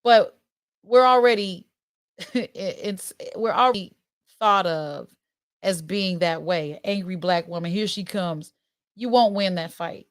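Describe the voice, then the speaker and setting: A woman in her forties hosts a live-stream talk show with an animated, candid storytelling style. She slips into other people's voices as she speaks. Her pitch sits in the middle, and the sound is dry and close. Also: takes it slowly, smooth, no echo. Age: 40s.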